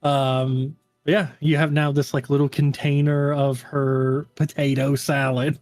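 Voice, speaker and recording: A man's voice: mid-range voice, little pitch movement, a little slow, darkish tone, no room sound, soft background music. A man narrating a tabletop game as game master, in a casual style full of fillers.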